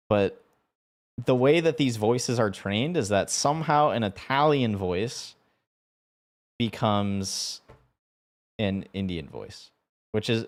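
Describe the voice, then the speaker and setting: Casting: young male streamer, casual rambling chat, very animated pitch. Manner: rambling, stumbling, laughing often.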